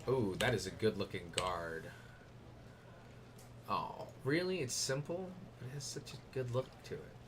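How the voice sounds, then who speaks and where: Brief: excitable gamer man with a crude, playful running commentary and a lively voice. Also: mid-range voice, unhurried, background noise. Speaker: gaming streamer. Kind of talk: casual gameplay commentary.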